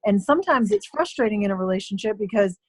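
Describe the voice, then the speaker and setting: A woman's voice: mid-range voice, animated, fast, no echo, rough recording. A woman guest on a talk show who speaks earnestly and thoughtfully, with a few fillers. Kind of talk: casual talk show chat.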